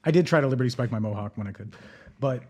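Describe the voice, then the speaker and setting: A young man co-hosting a podcast, talking in a loose, rambling way after a few drinks and telling animated stories. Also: medium pitch, racing. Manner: tipsy, rambling, animated storytelling. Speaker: podcast co-host. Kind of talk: casual chat.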